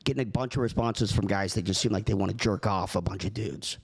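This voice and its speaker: Deadpan male prank caller, earnest and rambling, slightly low pitch. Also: quick pace, gravelly, slightly rough. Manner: earnest and rambling, keeps a straight face.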